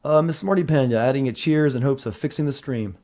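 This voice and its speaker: A man's voice: medium pitch, brisk, darkish tone. A man streaming a video game, chatting casually with viewers about connection problems and his play.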